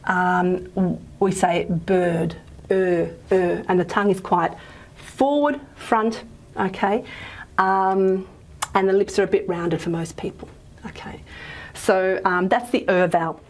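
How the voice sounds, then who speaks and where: A woman's voice: medium pitch, measured pace. A woman with an Australian accent giving a recorded phonetics lecture, chatty and informal, with frequent fillers and self-corrections. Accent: Australian English.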